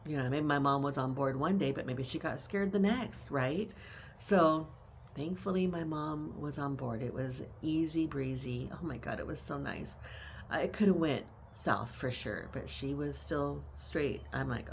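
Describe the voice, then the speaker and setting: A woman's voice: rumbling low, normal speed, creaky, slight background noise. A middle-aged woman who cares for her mother tells her story in a casual vlog, with emphatic, conversational retelling. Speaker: family caregiver.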